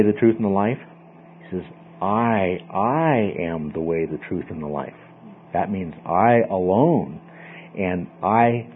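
A man's voice: lowish voice, breathy edge. A man teaching a Bible study class in a casual, rambling way, often repeating and restarting words. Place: small class room, group in a circle. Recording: dull lo-fi classroom recording.

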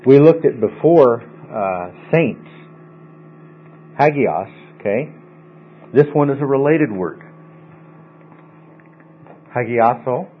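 A man teaching a Bible study class, explaining word meanings patiently and often checking in with his listeners. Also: medium pitch. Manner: explanatory, often asks okay. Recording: tinny phone-like audio, faint mains hum.

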